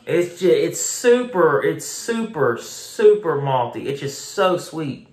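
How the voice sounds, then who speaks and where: A man's voice: on the high side, very animated, takes it slowly, darkish tone. A man giving a blunt, casual beer review, repeating himself for emphasis and swearing now and then. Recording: echoey room.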